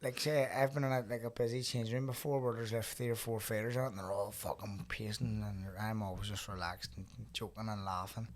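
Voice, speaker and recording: A man's voice: fairly low pitch, little pitch movement, brisk, hardly any pauses. A young man, a boxer hosting a casual podcast chat, laid-back and swearing freely as he tells stories. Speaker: podcast host and pro boxer.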